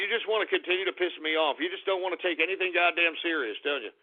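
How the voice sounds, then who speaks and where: A man's voice: high-pitched, quick pace, hardly any pauses. A man hosting a radio show, reading out listener names and snapping at them in mock-angry, profane outbursts. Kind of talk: call-in radio show shout-outs. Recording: tinny phone-like line.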